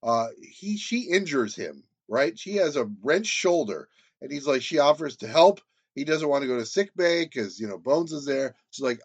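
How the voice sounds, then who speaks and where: A man co-hosting a casual book discussion podcast, animated, laughing often and acting out quotes from the story. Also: fairly high pitch, normal speed, no echo, muffled recording. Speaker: podcast co-host.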